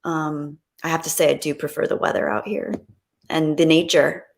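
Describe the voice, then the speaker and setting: A woman's voice: deep voice, flat delivery, moderate pace, gravelly. A woman chatting casually on a live stream, rambling reflectively with frequent ums.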